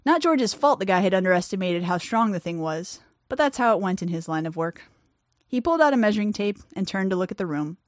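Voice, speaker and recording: A woman's voice: mid-range voice, lively intonation, quick pace, no echo, clean studio sound. A woman reading her own short fiction aloud, acting out the characters' lines and raising her voice in the tense moments.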